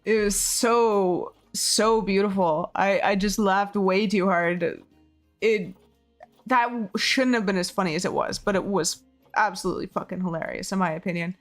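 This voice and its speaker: Hoarse lady streamer just rambling to chat, laughs a lot, curses, some quiet music in the back. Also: mid-range voice, fairly even intonation, moderate pace. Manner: laughs often, rambling, swears freely. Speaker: game streamer. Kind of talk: casual chat with viewers while building.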